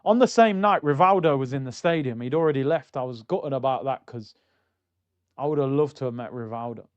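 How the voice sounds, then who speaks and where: A young man chatting casually on a live football watchalong stream, telling stories in a slangy, animated way that swings from loud hype to low muttering. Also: a little fast, clean tone, dull audio.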